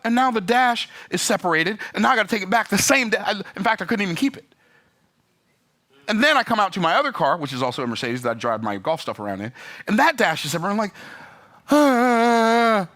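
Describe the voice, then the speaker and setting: A man telling a story and ranting about customer service, emphatic and animated with sudden pitch jumps. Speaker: business vlogger. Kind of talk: opinionated talking-head rant.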